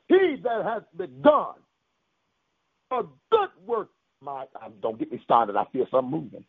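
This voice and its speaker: High, lively preacher man on phone-line radio. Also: slightly rough, no echo. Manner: preachy, declaring, speaks in tongues. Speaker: pastor. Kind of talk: sermon on radio.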